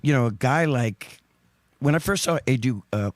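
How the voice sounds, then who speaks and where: A man's voice: medium pitch, animated, normal speed, no echo. Rambling, laughing man in a dry room. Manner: rambling, self-correcting storyteller with frequent laughs. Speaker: guest singer. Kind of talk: casual chat.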